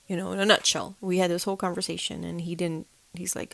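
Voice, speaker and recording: A woman telling a personal story in a casual, animated way, mimicking sounds and dropping into whispers for tense moments. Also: mid-range voice, brisk, gravelly, no echo. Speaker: storyteller of a ghostly experience.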